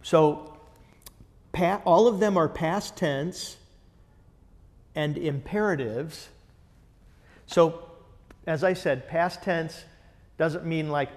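Slow, enthusiastic man teaching with reverb. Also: a little high, darkish tone. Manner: enthusiastic, conversational, asks the group questions. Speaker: Bible study teacher. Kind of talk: teaching a Bible study. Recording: long reverb in a large room.

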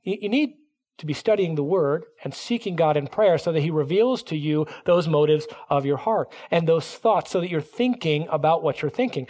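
A middle-aged man preaching a sermon, animated, acting out quoted voices as he teaches. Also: on the high side. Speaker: pastor.

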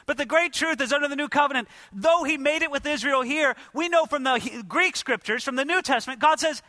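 Male pastor, high voice, dry close sound, emphatic sermon delivery with direct address. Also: a little fast, few pauses, sharp tone, no room sound. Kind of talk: expository sermon.

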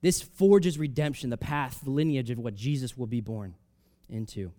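Man, preacher, sermon, conversational, loud emphatic peaks, quiet drops. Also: medium pitch, normal speed. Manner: reads scripture aloud, then explains it casually with fillers.

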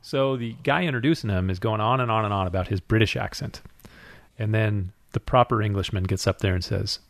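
A man with a fairly low voice co-hosts a relaxed chat and answers with dry, teasing remarks. The sound is close and dry, with little room echo. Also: fairly quick, vocal fry. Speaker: co-host. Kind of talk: casual chat.

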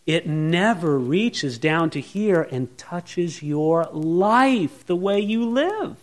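Man, middle-aged pastor, high voice; earnest sermon delivery, shifts from hushed to pleading. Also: expressive, takes it slowly. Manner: earnest, swings between quiet asides and raised pleading.

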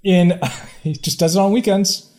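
Man, higher voice, casual podcast chat, stammers, restarts sentences. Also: fairly even intonation, a little slow, darkish tone. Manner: stammering, restarts often, laughs easily. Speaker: podcast co-host.

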